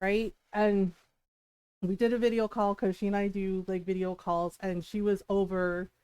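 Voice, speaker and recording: A woman's voice: medium pitch, little pitch movement, normal speed, dark tone, smooth, no room sound. A woman streamer telling a long family story to her live chat, chatty and laughing often.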